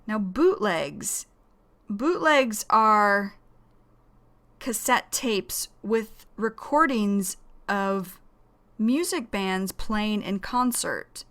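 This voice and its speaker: A woman's voice: medium pitch, lively intonation, very slow, a bit bright. A woman teaching an English vocabulary lesson, explaining words carefully and repeating them.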